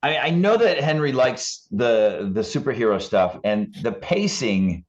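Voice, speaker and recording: A man co-hosting a podcast who asks probing questions with halting restarts. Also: medium pitch, very animated, lo-fi sound. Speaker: podcast co-host. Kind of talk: casual chat.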